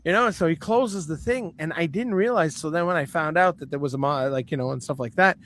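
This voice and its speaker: A man telling a story in casual chat, animated and swearing freely. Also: a little high, brisk. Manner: animated, swears freely, acts out quoted voices. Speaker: guest.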